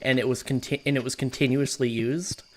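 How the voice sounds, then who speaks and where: A woman hosting a stream, chatting casually about a game and pausing often with ums and uhs. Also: extremely low pitch, steady tone. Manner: hesitant, filler-heavy, storytelling. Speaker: streamer host. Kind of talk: casual gameplay chat. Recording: noisy stream audio.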